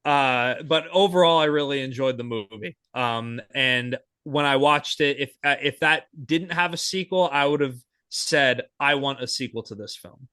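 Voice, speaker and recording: A man's voice: medium pitch, moderate pace, few pauses, sharp tone, smooth, dry recording, clean studio sound. A young man co-hosting a podcast, chatting casually and enthusiastically, rambling with lots of fillers and restarts. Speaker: podcast co-host.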